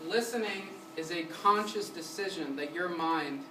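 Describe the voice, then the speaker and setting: Male music teacher, energetic classroom delivery with quick questions and sung demos; distant, roomy recording with background noise. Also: a little high. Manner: sings short syllables to demonstrate. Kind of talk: classroom lesson. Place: community center room.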